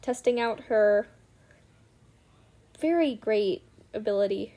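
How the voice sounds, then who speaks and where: A woman's voice: medium pitch, slow, mellow. A woman book vlogger who gives a casual, chatty plot recap, full of fillers and swearing.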